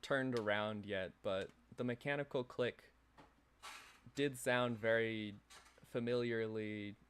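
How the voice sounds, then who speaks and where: Male game master, slow measured narration, playful asides. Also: lowish voice, fairly even intonation, fairly bright tone, slight background noise.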